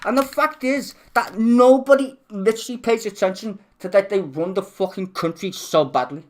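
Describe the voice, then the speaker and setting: Livestream rant, angry, constant swearing, sarcastic, exasperated, middle pitch. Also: moderate pace. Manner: angry, heavily profane ranting. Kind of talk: live-stream political rant.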